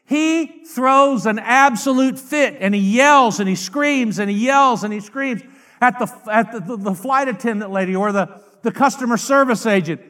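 A middle-aged man, preaching a fiery revival sermon that swings from shouted outbursts to low confiding asides. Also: normal speed. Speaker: evangelist.

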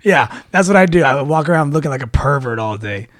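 A man's voice: on the high side, expressive, a little fast, a bit bright, dry recording, studio quality. A man co-hosting a podcast in casual chat, joking and laughing often. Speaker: podcast co-host.

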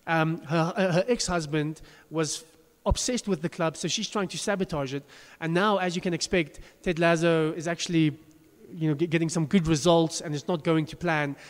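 A man's voice: fairly high pitch, steady tone, moderate pace, in a large hall. A pastor preaching a sermon to his congregation, chatty and self-deprecating, with frequent restarts.

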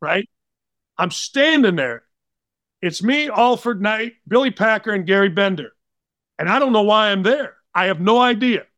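A man in his sixties telling blunt, animated sports stories as a podcast guest. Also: high-pitched, moderate pace, dry recording. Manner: blunt, animated, slangy anecdotes. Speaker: guest, former college basketball player. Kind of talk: casual storytelling.

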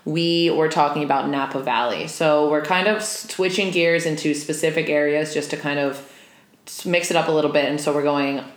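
Young woman, low voice, chatty, playful, rambling, echoey empty apartment, faint music behind. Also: steady tone, moderate pace. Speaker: podcast co-host. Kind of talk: casual podcast chat. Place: sparse, empty apartment room.

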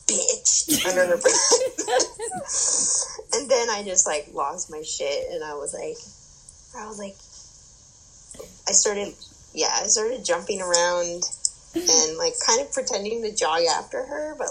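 A young adult woman telling an animated story in casual chat, with lots of fillers and swearing. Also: medium pitch, moderate pace, vocal fry, pauses often, slightly rough, rough recording.

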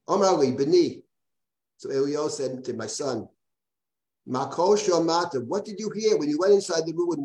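A man, a rabbi, teaching a text study lesson over a video call, reading passages aloud and translating them in a halting way, often repeating words as he explains. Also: medium pitch, dark tone. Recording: roomy video-call audio.

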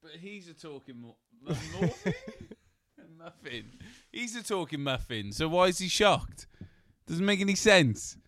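A man's voice: on the high side, very animated, unhurried, hardly any pauses, fairly bright tone. A man hosting a podcast, chatting casually, teasing his co-host, swearing and laughing often. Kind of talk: casual chat.

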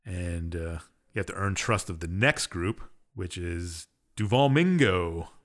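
A man's voice: low voice, lively intonation, measured pace. A man co-hosting a podcast, casually retelling a game's story in a rambling, offhand way. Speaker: podcast co-host. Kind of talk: casual game recap chat.

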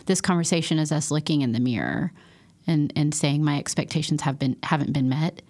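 Low-voiced woman co-host. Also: a little fast, darkish tone. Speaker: podcast co-host. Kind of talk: faith-based casual chat.

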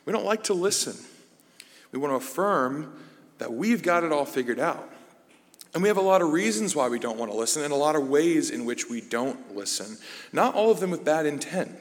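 A man giving a conversational sermon as a Bible study teacher, telling stories about himself with a self-deprecating, relaxed manner. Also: fairly high pitch, a little fast, long reverb tail.

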